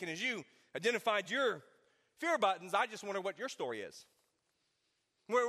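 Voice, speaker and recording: A man preaches from the pulpit with a high, bright, forward voice. He tells his story warmly and then drops to an intimate near-whisper to land each point, and his words carry a long reverb from a large hall. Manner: storytelling, drops to a quiet intimate hush for emphasis. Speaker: pastor. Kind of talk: sermon.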